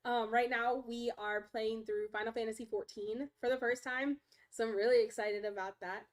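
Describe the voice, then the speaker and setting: Young woman, high voice, casual chatty streamer at home, slips into baby talk. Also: steady tone, normal speed. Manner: chatty, talks baby talk to her dogs. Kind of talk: casual live-stream chat.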